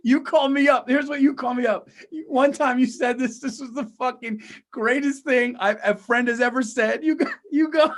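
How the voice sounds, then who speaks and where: Man, podcast co-host, high voice, animated profane storytelling, casual banter. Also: moderate pace. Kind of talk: casual comedic chat.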